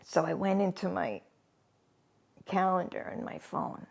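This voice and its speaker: A middle-aged woman telling a personal story candidly in a halting way, often laughing mid-sentence. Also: fairly low pitch, lively intonation, gravelly. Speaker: interviewee.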